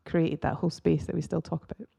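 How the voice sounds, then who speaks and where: A woman artist talking as a guest in a casual chat about faith and creativity, with a soft, gravelly voice. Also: sits low, little pitch movement, quick pace.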